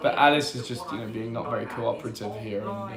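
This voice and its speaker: A man's voice: fairly low pitch, steady tone, fast talker, a crowd in the background. Sick, coughing man in a roomy space. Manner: joking, blunt, swears freely. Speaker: stream co-host. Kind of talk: casual race-watching chat. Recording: roomy echo.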